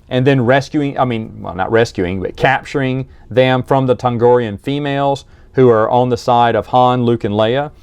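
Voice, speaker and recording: A man's voice: mid-range voice, a little mellow, clean tone, no room sound. Male host, casual book recap, enthusiastic, acts out quotes, dry close sound. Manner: enthusiastic, laughs at jokes, quick asides, acts out quotes. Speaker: book reviewer.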